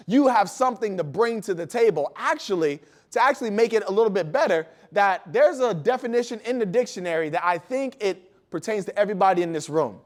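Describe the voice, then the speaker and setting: High-voiced man giving a lively motivational talk. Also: brisk, few pauses. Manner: energetic storytelling, asks the audience questions. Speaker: motivational speaker. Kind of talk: motivational talk to school staff. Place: large room before an audience.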